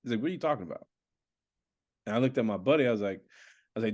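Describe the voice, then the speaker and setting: A man's voice: mid-range voice, expressive, very fast, long pauses, darkish tone. A comedian guest telling a story in casual podcast chat, acting out his friends' lines with swearing and laughter.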